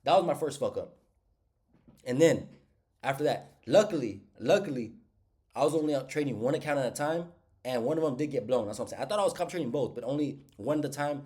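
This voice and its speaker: Congested man, fast casual talk, mid-pitched voice, slangy trade recap vlog. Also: lively intonation, dark tone. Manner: casual, slangy, addresses viewers as y'all.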